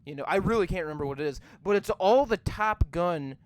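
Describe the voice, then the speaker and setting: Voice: medium pitch, expressive, brisk. A podcast host giving a rambling, profane rant while reviewing a movie. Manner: ranting, profane, rambling with many fillers.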